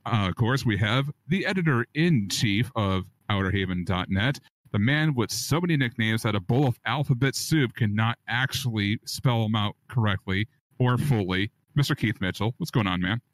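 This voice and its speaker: With a lowish, expressive voice at a moderate pace, a man hosts a casual gaming podcast. He's playful, teasing his co-hosts and delivering hyped-up introductions.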